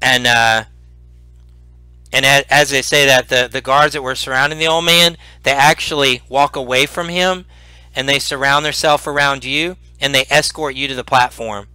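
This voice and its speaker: A man narrating a tabletop role-playing game as game master, animated and full of restarts. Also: mid-range voice, moderate pace, smooth, no echo, low-quality recording. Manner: animated, repeats words and restarts.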